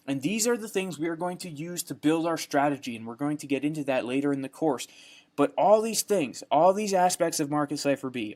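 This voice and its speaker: A young man with a Southern US accent, teaching a trading course over a screen share, folksy and repetitive, often checking in with "right?". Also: a little high. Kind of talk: screen-share tutorial narration.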